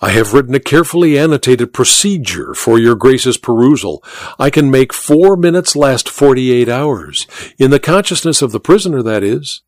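A man's voice: mid-range voice, lively intonation, moderate pace, dry recording, close to an everyday voice. A man voicing a suave, scheming colonel in an audiobook reading, deferential and precise. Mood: urbane. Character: scheming male colonel, suave courtly torturer. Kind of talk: audiobook character voice.

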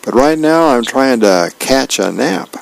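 A man's voice: medium pitch, expressive, unhurried, vocal fry, low-quality recording. A man reading a comic strip aloud, voicing a sleepy middle-aged father on the couch. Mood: drowsy.

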